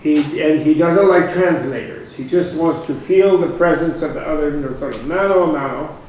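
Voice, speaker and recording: Brief: fawning, coaxing male secretary, high-pitched, as a man tells a joke, booming echo. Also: moderate pace, a little mellow, lightly acted. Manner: coaxing, polite persuasion. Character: pleading, deferential male papal secretary. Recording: very echoey hall, faint noise.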